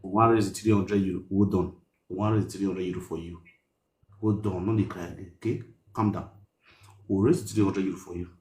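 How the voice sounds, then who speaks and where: A Nigerian man hosts a live stream in a roomy, echoing space. He talks quickly in a lowish voice and soothes his caller in Pidgin, repeating himself over and over. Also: steady tone, darkish tone. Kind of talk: live-stream chat on speakerphone.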